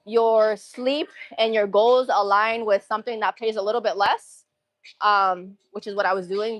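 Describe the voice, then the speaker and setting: A woman's voice: medium pitch, no room sound. Woman, casual livestream chat, rambling, slangy, dry close sound, gym. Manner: chatty, rambling, laid-back slang. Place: gym, between exercise sets.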